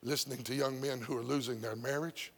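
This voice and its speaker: A male pastor preaching a sermon, breaking into shouts and sung phrases, then dropping to a hush. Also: medium pitch, steady tone, brisk, creaky, long reverb tail. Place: church sanctuary.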